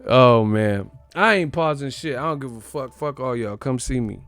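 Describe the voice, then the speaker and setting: Male channel host doing loose, cursing boxing commentary; smooth voice, close dry mic. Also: medium pitch, expressive, normal speed, a bit bright, dry recording. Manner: profane, joking, trash-talking. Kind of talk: casual boxing commentary rant.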